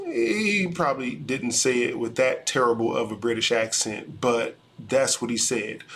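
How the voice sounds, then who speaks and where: A man, an attorney, giving measured, explanatory legal commentary on a video. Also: medium pitch, level tone, a bit bright.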